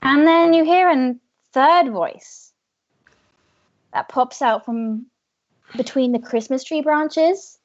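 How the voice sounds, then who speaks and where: A woman narrates a tabletop game as game master in a casual way, with lots of fillers. Her voice sits a bit high, and the audio is slightly muffled and lo-fi. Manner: casual, filler-heavy storytelling.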